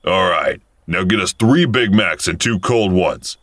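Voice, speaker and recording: A man's voice: low-pitched, animated, a little slow, fairly bright tone, no room sound, studio quality, full character voice. A man voicing a hot-tempered male robber boss who barks threats and orders. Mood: menacing.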